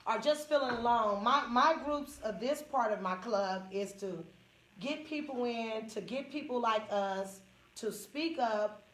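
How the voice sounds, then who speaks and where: A woman's voice: a little high, a little slow, a bit bright. A woman comedian with a Northern California accent, frankly telling a personal story to a small group, laughing often and acting out what people said. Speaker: comedian and support group speaker. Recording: echoey room, distant from the mic.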